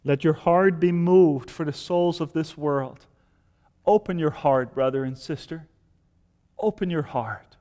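A man's voice: fairly high pitch, a little slow. Impassioned male preacher in a reverberant hall. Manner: impassioned, rising to loud emphatic appeals. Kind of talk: sermon.

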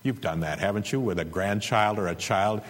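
A male preacher delivering an earnest, emphatic sermon with a husky voice. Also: fairly low pitch, normal speed, long reverb tail. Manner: earnest, emphatic exhortation with rising intensity.

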